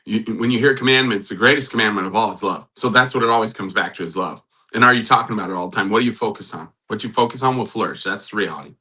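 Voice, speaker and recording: A man hosting a faith-based talk, urging love and repeating affirmations in a soft, earnest way. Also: fairly low pitch, breathy edge. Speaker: host and matchmaker.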